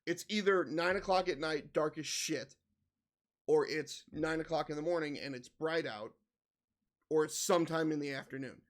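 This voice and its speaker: A man reacting to a horror story in comedic commentary, venting exasperation and swearing freely. His voice is notably high for a man. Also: normal speed. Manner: exasperated ranting, heavy swearing. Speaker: reaction video host.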